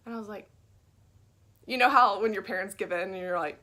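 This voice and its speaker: A woman telling a personal faith story in an earnest, conversational way, sometimes dropping to a soft whisper. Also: mid-range voice, a little fast. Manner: earnest, drops to a soft whisper at tender moments. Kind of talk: personal testimony.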